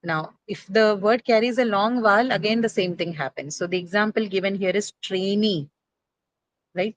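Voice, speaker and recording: A woman's voice: mid-range voice, moderate pace, no echo, rough recording. A woman teacher giving a classroom lecture on word stress, explaining patiently, repeating points and checking that students understand. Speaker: English teacher.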